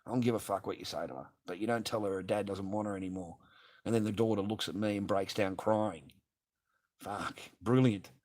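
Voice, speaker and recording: A man's voice: lowish voice, brisk, darkish tone. A man, ranting profanely and repetitively in a livestream monologue from his garage.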